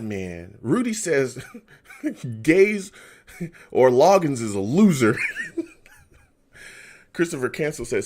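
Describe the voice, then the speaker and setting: Man, fan stream host, exasperated game reaction, swings from mutters to loud rants, very animated pitch. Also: husky. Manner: exasperated, venting, reads chat aloud.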